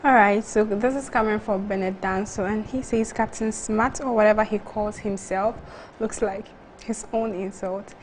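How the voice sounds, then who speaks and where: A woman with a Ghanaian English accent, a TV co-presenter reading viewer messages aloud in a steady, matter-of-fact way. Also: mid-range voice, slight background noise. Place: TV studio.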